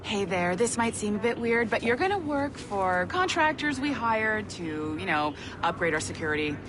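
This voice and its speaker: A woman's voice: mid-range voice, big pitch swings, moderate pace, lightly acted. An actress playing a perky, upbeat female office boss in a video game, with ambient noise behind. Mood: chirpy. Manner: chirpy, upbeat.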